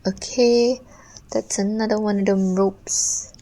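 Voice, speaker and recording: A woman's voice: mid-range voice, steady tone, slow, mellow, low-quality recording. A young woman, an art streamer, chatting casually and ramblingly while she draws, full of slang. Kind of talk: casual chat while drawing.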